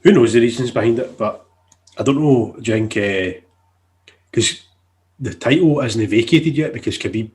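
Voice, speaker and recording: A man's voice: medium pitch, moderate pace, long pauses, a little mellow. A man co-hosting a podcast, laid-back and casually swearing in chat. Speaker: podcast co-host.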